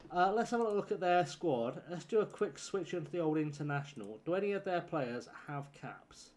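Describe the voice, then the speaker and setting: A man's voice: on the high side, expressive, normal speed, darkish tone. A man on a casual live stream, rambling and joking, swearing freely as he plays.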